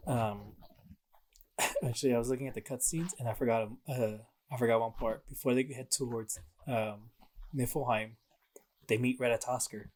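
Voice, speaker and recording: A man's voice: medium pitch, steady tone, moderate pace, a little hiss or hum. A man co-hosting a casual podcast, talking through a video game with lots of fillers and laughs. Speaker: podcast co-host.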